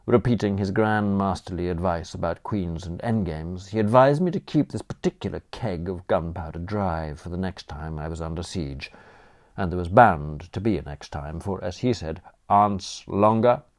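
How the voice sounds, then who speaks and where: A man reading first-person comic narration for an audiobook in a wry, animated manner. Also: deep voice.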